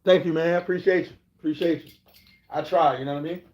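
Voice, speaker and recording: Casting: middle-aged male streamer, fairly high voice, rambling and profane, echoey lo-fi room. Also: fairly even intonation, fast, a little mellow. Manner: loose and profane, rambling, preachy asides. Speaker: live streamer. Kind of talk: casual live-stream talk. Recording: echoey, dull lo-fi room sound.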